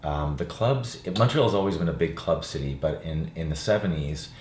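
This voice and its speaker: Deep-voiced older man, roomy sound. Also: moderate pace, slight background noise. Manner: relaxed, reflective, with frequent fillers. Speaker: actor and playwright. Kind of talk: interview chat. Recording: roomy sound with faint ambience.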